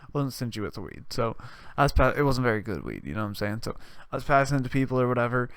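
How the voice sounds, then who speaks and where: A young man hosting a podcast, telling rambling, profane stories in a casual monologue with lively voiced retellings. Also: mid-range voice, racing, clean tone, dry recording, clean studio sound. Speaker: podcast host.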